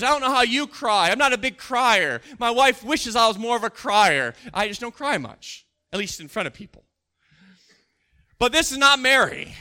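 A middle-aged man preaching a sermon who reads scripture aloud and retells it expressively, swinging between loud emphasis and hushed asides. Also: very high-pitched. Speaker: pastor.

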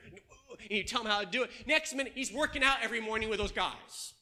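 Bright high-pitched male preacher. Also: quick pace. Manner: storytelling, animated, asks the congregation questions. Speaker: pastor. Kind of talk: sermon. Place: church.

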